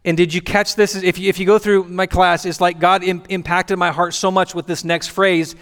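A man preaching a sermon as pastor in a church, with rhythmic repetition and dramatic pauses. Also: sits high, level tone, fairly bright tone. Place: church sanctuary. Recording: long church hall reverb with faint music.

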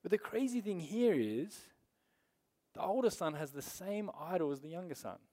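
A man's voice: high-pitched, animated, moderate pace, dark tone. A man, preaching a sermon in an emphatic, conversational way. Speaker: pastor.

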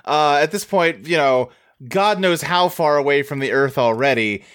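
A podcast co-host talking casually in a medium-pitched voice. They drop in wry remarks and short asides during the chat. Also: lively intonation, normal speed, fairly bright tone, clean tone.

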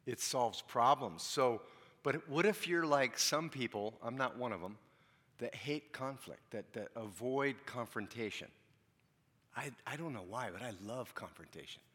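A man's voice: mid-range voice, unhurried, a bit bright, husky. A man preaching a sermon in a conversational way, asking his listeners questions and telling stories. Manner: conversational, asks the congregation questions. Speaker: pastor. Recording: long hall reverb.

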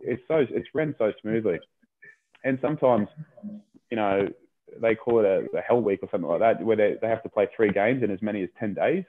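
Australian man on a tinny line. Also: lowish voice. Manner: rambling, repeats words, says "mate" often. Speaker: rugby player guest. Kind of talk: casual interview chat. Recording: tinny phone-line sound.

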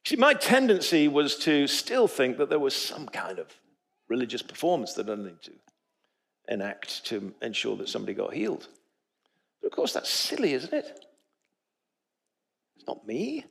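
Animated preacher man, lively pitch. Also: moderate pace, gravelly, long pauses, husky. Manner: animated storytelling, acts out quoted voices. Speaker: pastor. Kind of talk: sermon. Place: church sanctuary.

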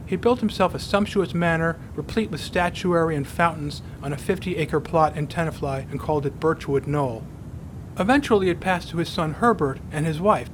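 A man's voice: fairly high pitch, slight background noise. A man hosting a podcast, narrating a scripted story in a wry, dryly humorous way. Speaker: podcast host.

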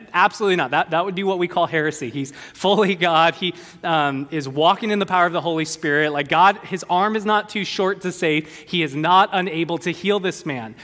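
High bright-voiced pastor guy preaching, lively and jokey, big echoey church hall. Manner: animated, conversational preaching with playful asides. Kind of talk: sermon. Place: church sanctuary. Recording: long hall reverb.

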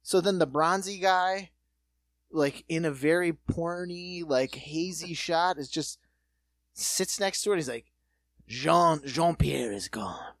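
A man co-hosting a casual comedic chat, animated and mocking, slipping into quick goofy impressions. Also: high-pitched, no echo, studio quality. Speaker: podcast co-host.

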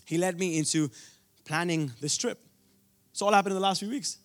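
A man's voice: sits high, fairly quick. Earnest young man preaching from India. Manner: earnest, personal storytelling with many restarts. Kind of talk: sermon.

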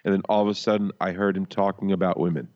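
A man co-hosting a podcast in a casual, profane chat, halting and stumbling over words with a wry edge. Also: low voice, fairly even intonation, muffled recording. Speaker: podcast co-host.

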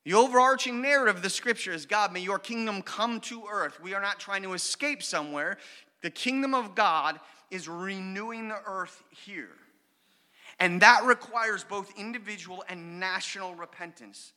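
A pastor in his thirties delivers an emphatic sermon in a fairly high voice with a very bright, forceful edge. He moves between scripture and a story about his young son. His voice rings with the long reverb of a large hall. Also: normal speed. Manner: earnest, emphatic preaching with storytelling.

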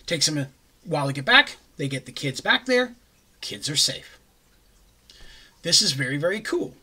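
Bright, husky-voiced man recapping a game. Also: fairly high pitch. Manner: rambling, jokey asides. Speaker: game master recapping a campaign. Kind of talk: casual tabletop campaign recap.

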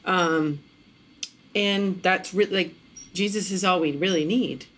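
A woman in a casual faith conversation, relaxed and thinking aloud. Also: lowish voice, slow, slight background noise.

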